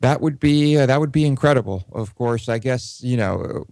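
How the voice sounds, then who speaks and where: A man's voice: medium pitch, normal speed, a little mellow, no room sound. A man co-hosting a political talk show, chatting casually and hesitantly, with many fillers. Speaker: co-host.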